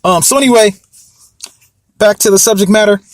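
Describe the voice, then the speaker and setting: This young podcast host talks fairly quickly in a high voice, with no room sound. His casual commentary rambles and repeats, punctuated by frequent questions about whether you know what he means.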